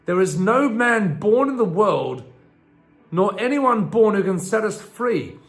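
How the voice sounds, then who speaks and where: Three vengeful enchanted princesses hurl a curse in archaic, declaiming tones, as a man puts them on in a raised, lively pitch over faint music. Their voice swoops with anger. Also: slow pace, exaggerated voice. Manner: furious cursing declamation.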